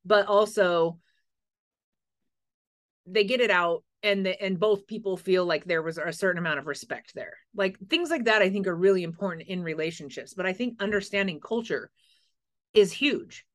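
A woman's voice: medium pitch, normal speed. A woman from the United States hosting a casual podcast chat, talking frankly and acting out quoted conversations as she tells stories. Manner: frank, animated storyteller who acts out quotes. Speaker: podcast host.

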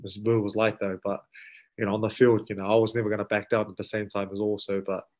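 A man with a New Zealand accent, a rugby player and podcast guest telling stories in a relaxed, slangy way that acts out the dialogue. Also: on the low side, fast talker. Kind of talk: casual storytelling. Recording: dull lo-fi sound.

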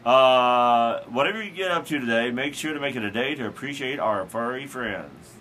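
A man's voice: medium pitch, expressive, normal speed, a bit bright, a little hiss or hum. Rambling man hosting a casual chat show. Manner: rambling, with fillers and asides. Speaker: host. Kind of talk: casual chat about daily holidays.

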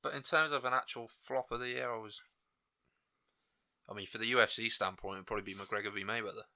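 A man co-hosting a casual podcast, talking things through in a measured way. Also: fairly low pitch, steady tone, bright, forceful tone, no echo, studio quality. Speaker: podcast co-host.

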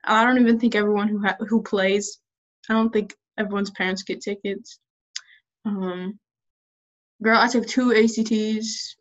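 A woman's voice: mid-range voice, fairly even intonation, unhurried. A teenage girl from the Midwest chatting casually, blunt and sassy and laughing a lot. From Midwestern United States. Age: teens. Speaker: co-host. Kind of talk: casual chat. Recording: slightly dull, lo-fi sound.

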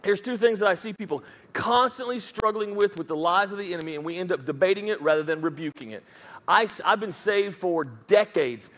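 A middle-aged male pastor preaching a sermon in a high voice. He talks fast and with emphasis, tossing quick asides to his congregation. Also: fairly bright tone, in a large hall.

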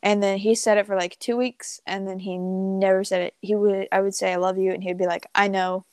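A woman's voice: medium pitch, little pitch movement, a little fast, a little mellow, smooth, no echo. A young woman in her teens telling a story in casual chat, rambling with lots of fillers and laughs. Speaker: podcast co-host.

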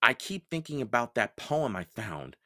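A man's voice: mid-range voice, very animated, normal speed, sharp tone, dry recording, studio quality. A man reading a storybook aloud, voicing a worried young boy who pleads anxiously.

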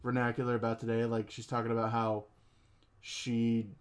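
A man's voice: mid-range voice, completely flat delivery, normal speed. Laid-back man chatting on a podcast. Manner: chatty, laughs while talking. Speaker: podcast co-host. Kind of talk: casual movie chat.

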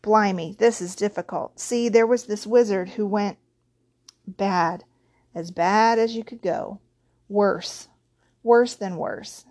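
Woman reader doing Hagrid: huge gruff gamekeeper, dropped endings, storybook voice. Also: medium pitch, takes it slowly, a little mellow, no echo, studio quality, close to an everyday voice. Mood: anxious. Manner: rough dialect, dropped endings. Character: huge gruff male gamekeeper, big-hearted.

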